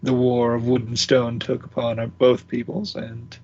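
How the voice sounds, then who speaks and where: A man's voice: medium pitch, completely flat delivery, normal speed, warm tone, highs cut off. A man playing in a tabletop game, chatting casually and trailing off mid-sentence. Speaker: player. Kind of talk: casual chat in character and out.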